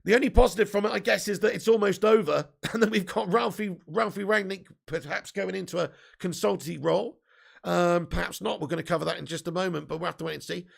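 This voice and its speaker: High gravelly bloke doing a live fan stream, sweary and excitable. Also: male voice, fast talker. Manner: excitable, swearing, banter with viewers. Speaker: football fan channel host. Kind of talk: live-stream chat reading super chats.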